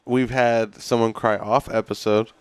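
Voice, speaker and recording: A man's voice: lowish voice, little pitch movement, unhurried, clean tone, no echo. A young man co-hosting a podcast in casual chat, teasing his partner, laughing often and acting out quoted voices. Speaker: podcast co-host.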